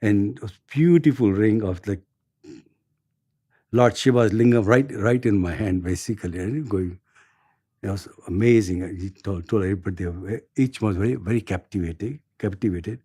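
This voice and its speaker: Mellow-voiced Indian man in his sixties. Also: on the low side, husky, no room sound, studio quality. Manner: halting, with repeated words and chuckles. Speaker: interview guest. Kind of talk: storytelling in an interview.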